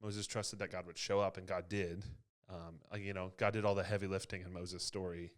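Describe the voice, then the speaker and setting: A man with a fairly low voice leads a casual youth ministry chat. He retells a Bible story with lively acted-out quotes and an easy, conversational delivery. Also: fairly quick. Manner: animated storyteller, acts out quotes.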